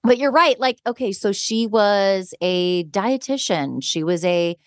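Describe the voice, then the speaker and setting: A woman hosting a podcast in loose, casual conversation. She tells stories with animation and lots of laughter. Her voice sits at a middling pitch, and the recording is dry and close. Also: animated, measured pace, no room sound. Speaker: podcast host. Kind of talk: casual chat.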